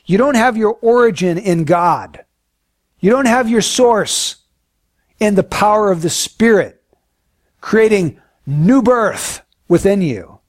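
A man preaching a sermon in an earnest, emphatic way, often dropping to a hushed, solemn tone. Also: sits high, no room sound, clean studio sound.

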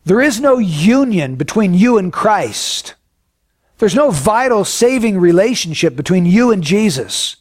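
A man preaching a sermon in an earnest, emphatic way, often dropping to a hushed, solemn tone. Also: high-pitched, big pitch swings, measured pace, no echo, clean studio sound.

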